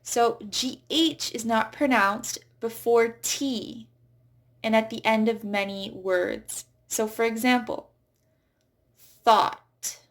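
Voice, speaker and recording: Slow, careful woman teaching pronunciation. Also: fairly high pitch. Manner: slow, careful, stresses example words. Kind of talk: pronunciation lesson.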